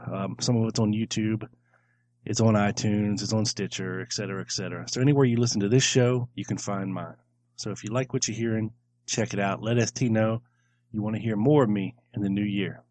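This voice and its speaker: A man's voice: fairly low pitch, darkish tone. A man hosting a podcast in a casual monologue, wordy and grandiose, often repeating himself. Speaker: podcast host.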